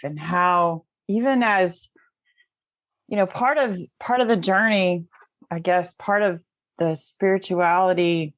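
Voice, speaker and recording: Reflective woman, lowish voice. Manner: reflective, warm-humored, laughs easily. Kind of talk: casual podcast chat.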